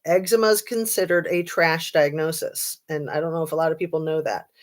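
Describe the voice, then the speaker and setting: A woman's voice: low voice, fairly quick. A woman hosting a casual true-crime livestream, chatting and reading viewer comments with lots of ums and a sarcastic streak.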